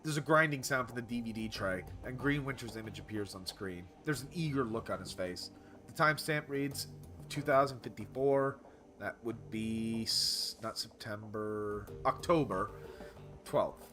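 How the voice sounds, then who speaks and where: Low-voiced man reading a game aloud. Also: moderate pace, sharp tone. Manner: wry asides between read lines. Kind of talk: narrated game playthrough. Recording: game music behind voice.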